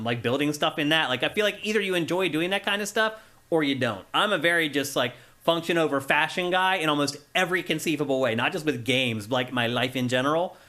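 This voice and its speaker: A man's voice: on the high side, sharp tone. A man co-hosting a gaming podcast, chatting casually and enthusiastically, often laughing. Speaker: podcast co-host.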